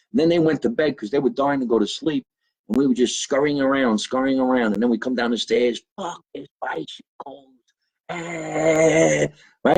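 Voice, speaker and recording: Profane New Jersey comedian chatting casually. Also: male voice, mid-range voice, rough recording. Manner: loose, profane, joking to viewers. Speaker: comedian host. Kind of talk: casual live-stream chat. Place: home basement.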